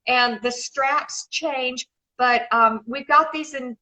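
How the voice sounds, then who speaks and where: Her voice is high-pitched, bright, and forceful, and she takes it slowly; the recording is rough. She's a middle-aged woman from Memphis, Tennessee, USA, a shoe designer and regular guest, chatting effusively on a casual live stream and calling everyone darling.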